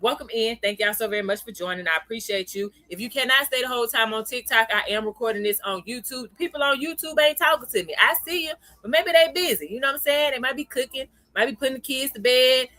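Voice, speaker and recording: A woman's voice: on the high side, fast talker, hardly any pauses, bright, forceful tone, no echo. A woman hosting a casual livestream, chatting with viewers, greeting them by name and laughing often. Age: adult, parent of a young child. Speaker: livestream host.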